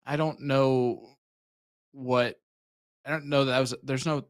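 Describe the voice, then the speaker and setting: A man's voice: medium pitch, fairly even intonation, slow, no room sound. A man commentating a darts tournament, joking and chatty with asides between throws. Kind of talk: live sports commentary.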